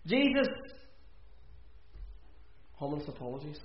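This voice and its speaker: Man, earnest preacher, fairly high voice, echoey church, muffled sound. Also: big pitch swings, slow pace. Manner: earnest, repeating phrases for emphasis. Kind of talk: sermon. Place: church hall. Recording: echoey, dull church recording.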